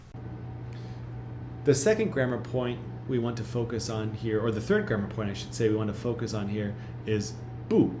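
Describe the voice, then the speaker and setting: A man teaching a recorded language lesson, speaking slowly and carefully and repeating each example phrase. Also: mid-range voice, a little mellow, echoey room. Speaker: Chinese language instructor.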